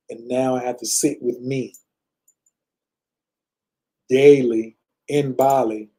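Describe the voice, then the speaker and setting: A man's voice: mid-range voice, dark tone, rough recording. A man in his fifties telling a personal story in a loose, conversational way, with many fillers. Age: 50s. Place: lives in Bali.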